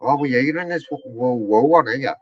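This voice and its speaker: A man in a casual vlog, loud and chatty and swearing freely while he waits on hold. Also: mid-range voice, brisk. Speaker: vlogger. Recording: slightly dull recording with faint music.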